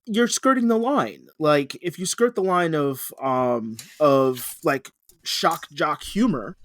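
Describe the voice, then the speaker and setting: A man's voice: fairly high pitch, expressive, takes it slowly, fairly bright tone, dry recording. Rambling man with a dry, close sound. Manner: rambling, restarts, laughs often. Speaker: podcast co-host. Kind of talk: casual chat.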